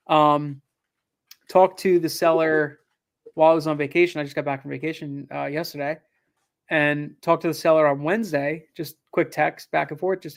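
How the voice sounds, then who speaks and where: Animated and prone to fillers and restarts, a land investor guest recounts a business story in a casual interview, acting out the quotes as he goes. His voice is on the high side at a moderate pace.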